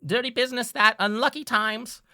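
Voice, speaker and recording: A woman's voice: fairly high pitch, steady tone, fairly quick, sharp tone, voice pushed up. A woman putting on a sly, smug witch trader. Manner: theatrical, sighing and smug. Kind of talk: tabletop role-play character voice.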